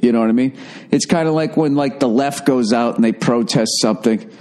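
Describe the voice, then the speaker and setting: Solo on his podcast, a man delivers a rambling, sarcastic, profanity-laced comedic monologue. His mid-range voice is a little mellow and moves fairly quickly.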